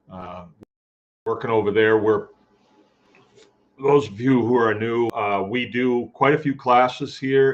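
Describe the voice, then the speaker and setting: A man hosts a homespun farming live chat in a low, unhurried voice, rambling along and greeting viewers by name. The sound is dull and lo-fi. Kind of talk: casual live-stream chat. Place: home farm.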